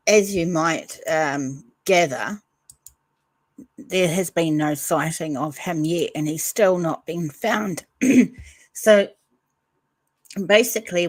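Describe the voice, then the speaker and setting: A woman who hosts a podcast, giving viewers a relaxed, chatty update. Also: fairly low pitch, dry recording. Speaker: podcast host.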